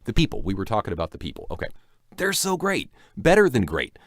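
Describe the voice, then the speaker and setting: Recorded at his home setup, a male voice actor narrates a chatty, self-deprecating recap of an event, wandering into rambling asides. He talks fast in a lowish voice with an animated, playful delivery.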